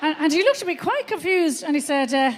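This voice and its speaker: On stage at a theatre in front of an audience, a woman in her fifties delivers profane, brash stand-up stories in an animated style. Her voice sits high and her delivery is brisk, with slight background noise.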